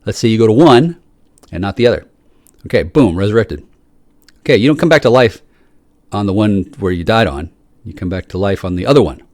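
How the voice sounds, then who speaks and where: A man with a low-set voice rants in a long, profane monologue. He swings from loud outbursts to quiet muttering, stumbling over repeated words. The sound is dry and close, with no room around it. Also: lively intonation, brisk, pauses often, dry recording. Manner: swings from shouting to low muttering, heavy swearing; repeats and restarts words often. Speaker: solo speaker.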